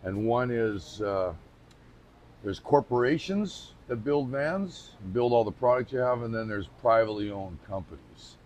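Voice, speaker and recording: A man speaks casually on camera for his company. His voice sits at an ordinary middle pitch. He is chatty and informal, restarts his sentences and slips in light jokes. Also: a little slow, a little mellow. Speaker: company representative presenting the brand.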